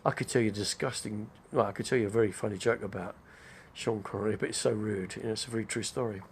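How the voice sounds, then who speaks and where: Gravelly, chatty man. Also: lowish voice, steady tone, fast, a little hiss or hum. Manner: chatty, digressive, name-dropping. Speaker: live-stream host. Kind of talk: rambling casual monologue.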